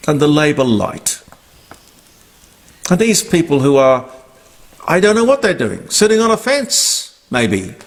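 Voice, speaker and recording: A man's voice: fairly high pitch, gravelly. An older man, delivering an emphatic, indignant political commentary monologue. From Australia. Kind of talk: opinionated monologue.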